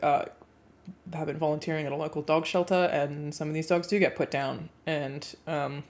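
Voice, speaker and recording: Woman, streamer, live reaction, lower voice, blunt, swears a lot, emotional. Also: fairly even intonation, moderate pace, a little mellow.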